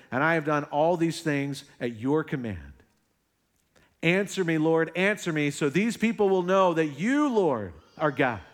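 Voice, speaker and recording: A young man preaching a sermon, telling a story with lively sarcastic asides and dropping to hushed, intense moments. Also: medium pitch. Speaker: pastor.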